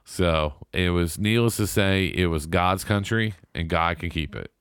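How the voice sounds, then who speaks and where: A middle-aged man with a somewhat low voice swaps stories in a relaxed, casual chat. He slips into the voices of the people he quotes, and the recording is dry and close. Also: a little slow, clean tone, no room sound.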